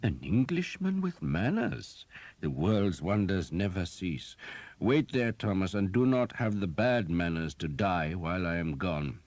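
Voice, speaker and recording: A man voicing a sardonic old male physician with a slow, dry, ironic delivery. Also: low-pitched, expressive, a little mellow, no room sound, pitched above the performer's own voice. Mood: wry.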